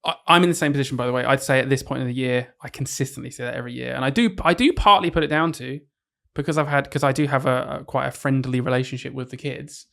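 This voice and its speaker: Male teacher, podcast co-host, fast and gravelly. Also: medium pitch, fairly bright tone. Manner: quick, teasing, reassuring. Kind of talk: casual podcast chat.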